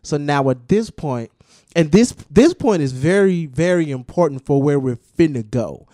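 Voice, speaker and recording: A man's voice: fairly high pitch, animated, normal speed, dark tone, no echo, clean studio sound. A man hosting a casual podcast and explaining at length, with restarts and emphatic repetition. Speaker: podcast host discussing music.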